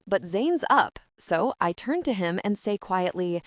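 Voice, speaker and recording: Woman audiobook narrator: animated first-person telling, dry studio sound. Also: mid-range voice, unhurried, no echo.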